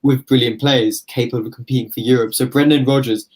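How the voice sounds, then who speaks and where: A man's voice: mid-range voice, steady tone, brisk. Man giving long football opinions. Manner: long flowing opinionated explanations. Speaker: football podcast pundit. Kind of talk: casual football podcast analysis.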